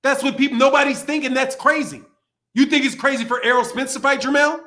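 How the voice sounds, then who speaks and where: This boxing livestream host has an extremely high, bright voice with a steady, forceful tone, and he talks a little fast. His commentary is a heated rant laced with profanity, frequent laughter, and repetition.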